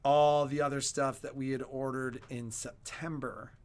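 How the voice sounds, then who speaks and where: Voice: medium pitch, little pitch movement, a little slow, darkish tone, clear, resonant tone. A co-host of a sewing shop livestream, chatting casually and adding dry, joking asides.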